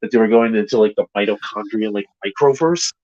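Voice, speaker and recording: A man co-hosting a casual review chat, rambling and excitable, often restarting his sentences and swearing. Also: on the low side, brisk, highs cut off. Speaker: podcast co-host.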